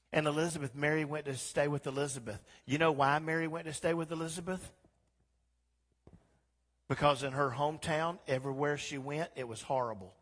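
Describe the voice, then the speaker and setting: High-voiced preaching man in reverberant church. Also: slightly rough. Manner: impassioned, swings from quiet to loud exhortation. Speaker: pastor. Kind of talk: sermon. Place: church sanctuary.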